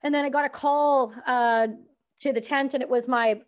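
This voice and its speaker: A woman's voice: high voice, moderate pace, clear, resonant tone, muffled recording. A woman from Canada, an army veteran, telling war stories in casual, profane conversation. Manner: profane, animated storyteller.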